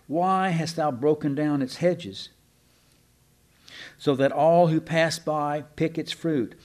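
A man preaching a sermon, slow and emphatic, asking rhetorical questions and sometimes restarting mid-phrase. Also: a little high, darkish tone.

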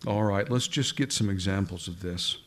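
A man's voice: lowish voice, normal speed. A man preaching a sermon in a conversational way, speaking directly to his listeners and often restarting his words.

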